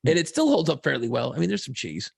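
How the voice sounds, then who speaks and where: A man's voice: on the high side, wildly swooping pitch, quick pace, gravelly, darkish tone, slightly rough, no room sound, studio quality. A man co-hosting a podcast, talking about films in a laid-back, profane way and laughing often. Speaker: podcast co-host. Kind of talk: casual chat.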